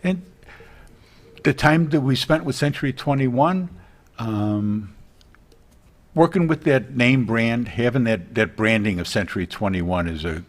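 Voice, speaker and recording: A man's voice: mid-range voice, measured pace, long pauses. A middle-aged man, a realtor guest, talking earnestly in a casual TV interview, rambling with many restarts.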